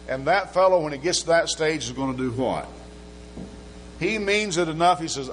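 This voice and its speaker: A male preacher delivers a sermon in a loose, conversational way, asking questions of the room and joking along the way. His voice sits a little on the high side. A faint hum runs under the recording. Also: brisk, fairly bright tone, rough recording. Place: church sanctuary.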